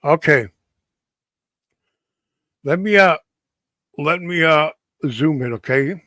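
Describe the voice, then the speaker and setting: A man casually telling a ghost story on a stream, halting often and restarting his sentences. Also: on the high side, fairly bright tone, dry recording. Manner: halting, many restarts and fillers.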